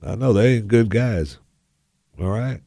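A man's voice: fairly low pitch, unhurried, gravelly, dark tone, dry recording, studio quality. Wry drawling male radio host. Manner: put-on folksy drawl, wry and sarcastic. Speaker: radio talk show host. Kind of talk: casual talk radio monologue. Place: radio studio. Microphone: headset.

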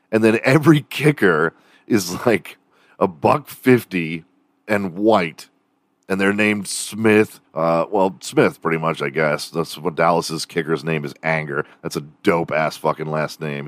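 A young Texan man rants casually on his own podcast, swearing freely and wandering off topic. His voice sits low and deep. It sounds close and dry, with no room around it. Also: no room sound. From Texas. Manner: profane, rambling, mimics accents for jokes. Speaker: podcast host. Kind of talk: casual rant.

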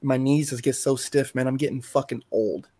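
A man co-hosting a podcast in casual chat, talking in a rambling, animated and profane way. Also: medium pitch, moderate pace, no echo. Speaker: podcast co-host.

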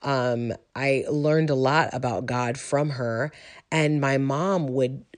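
A woman's voice: very deep voice, steady tone, takes it slowly. A woman in her forties sharing a personal testimony about her faith and mindset in a reflective, conversational way, with frequent ums. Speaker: teacher sharing a personal story.

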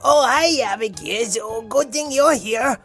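A woman voicing a goofy, excitable young male puppy in a comedic audio story, playful and scatterbrained. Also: on the high side, unhurried, soft background music.

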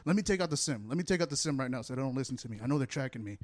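A man quoting a drunk, paranoid male comedian in a low, mumbling, rambling way. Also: expressive, racing, close to an everyday voice. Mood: paranoid boasting.

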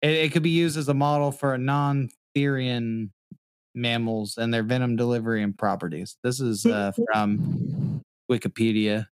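A man's voice: medium pitch, flat delivery, moderate pace, clean tone, no room sound, studio quality. A man co-hosting a podcast in casual chat, joking, swearing and laughing as he reads facts aloud. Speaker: podcast co-host.

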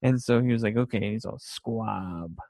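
A man's voice: mid-range voice, flat delivery, rapid-fire, mellow, no echo. A young man chatting casually about favorite TV shows, rambling and laughing often as he acts out scenes.

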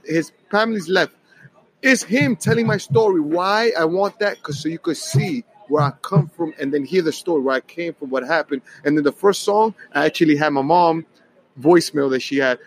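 Husky, high-voiced New man. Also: poor audio. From New York City. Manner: animated, rapid storytelling with Spanish slipped in. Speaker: guest musician. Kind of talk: casual podcast chat.

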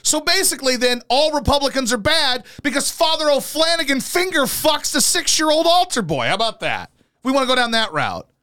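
A man's voice: very high-pitched, very animated, fairly quick, bright, forceful tone. A man co-hosting a podcast at home, ranting in a combative, sarcastic way and swearing constantly. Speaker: podcast co-host. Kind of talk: profane comedic rant. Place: house.

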